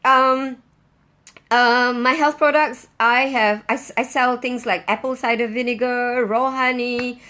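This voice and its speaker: A woman who has not slept, chatting on a live stream in a bubbly, effusive way and squealing with excitement. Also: fairly high pitch, measured pace. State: sleepless. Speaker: online business owner. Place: in Singapore.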